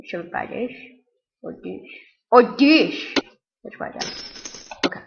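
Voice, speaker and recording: Excitable player in a put-on girly voice. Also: a little slow, gravelly, dull audio, background noise. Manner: put-on girly high-school voice; excitable, yelps and shrieks when losing. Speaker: gameplay commentator. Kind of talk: let's play commentary. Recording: loud game music behind.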